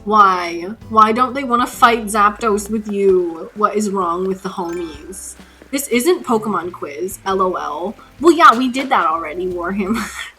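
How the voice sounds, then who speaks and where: A woman hosting a live stream, chatting casually and rambly while she plays, reading viewers' names and getting excited. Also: medium pitch, measured pace, faint music behind. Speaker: livestream host.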